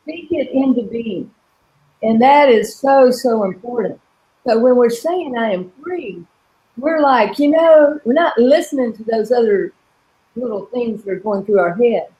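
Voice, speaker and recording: A middle-aged woman coaching an online audience, her voice sitting a bit high. She talks earnestly and explains each step of an affirmation exercise. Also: a little slow, warm tone, low-quality recording. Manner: earnest, repeats affirmations with shifting emphasis. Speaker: coach and host. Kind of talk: live coaching webinar talk.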